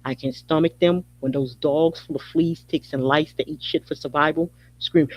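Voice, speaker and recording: A man's voice: fairly high pitch, fairly even intonation, brisk, hardly any pauses, no room sound, muffled recording. A man hosting a podcast, delivering a heated, repetitive rant. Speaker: podcast host. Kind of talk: angry monologue.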